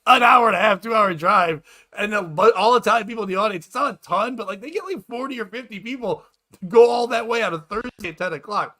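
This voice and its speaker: A man telling a rambling comedy-club story with a bright, forceful edge to his voice. His pitch sits a little high for a man. He jumps into quoted voices as he goes. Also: quick pace. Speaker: comedian and podcast host. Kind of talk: casual storytelling chat.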